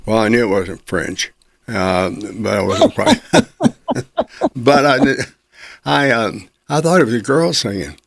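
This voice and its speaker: An older man hosting a chatty interview, reminiscing and quick to agree. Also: medium pitch, very animated, vocal fry, no echo. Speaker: podcast host, interviewer. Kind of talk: casual interview conversation.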